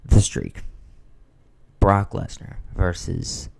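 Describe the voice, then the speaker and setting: A young man in his twenties talks through a wrestling review in a deep, low voice. He rambles with plenty of fillers, swears casually, and lets his feelings show openly. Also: big pitch swings, extremely slow, gravelly, a little mellow. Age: 20s. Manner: emotional, sentimental.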